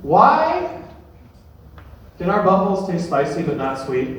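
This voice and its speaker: A young man performing a stand-up comedy set with a dry, deadpan delivery that builds to punchlines. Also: sits high, slow pace. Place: comedy venue stage. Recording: echoey room, distant mic, faint noise.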